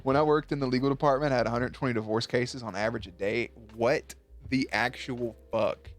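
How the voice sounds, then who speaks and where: A man streaming at night, chatting casually with his viewers, swearing, joking and now and then breaking into loud high yelps. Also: very fast. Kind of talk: casual chat reading out viewer messages.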